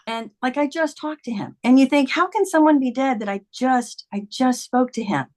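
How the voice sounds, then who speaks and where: A woman's voice: high-pitched, moderate pace, a little mellow. Earnest woman in her fifties telling a story. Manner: earnest, emotional retelling with many "like"s. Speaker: podcast guest, author. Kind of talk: personal storytelling in a conversation.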